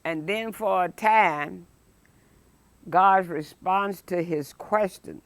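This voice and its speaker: Slow, emphatic woman preaching. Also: fairly low pitch, no room sound. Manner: emphatic, rises to shouted exclamations; slow, deliberate phrasing. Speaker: Sunday school teacher. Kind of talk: preaching a Bible lesson.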